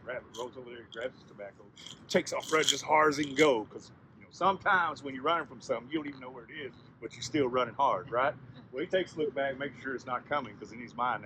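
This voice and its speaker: A man telling a traditional story in a conversational, animated way, often turning to address his listeners directly. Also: medium pitch, quick pace, slight background noise. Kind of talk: oral storytelling.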